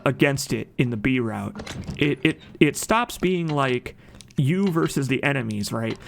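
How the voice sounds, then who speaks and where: A man giving casual, chatty commentary over his own gameplay, excited at times and often stopping to correct himself with a joke. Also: a little high, creaky, slight background noise. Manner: chatty, enthusiastic, jokes and corrects himself mid-sentence. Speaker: let's play commentator.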